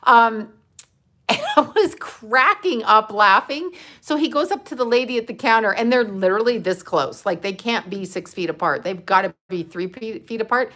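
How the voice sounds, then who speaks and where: A woman's voice: a little high, lively intonation, normal speed, pushed and bright. A middle-aged woman hosting a casual livestream from her phone, chatty, laughing often and swearing casually. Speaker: livestream host. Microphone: handheld phone.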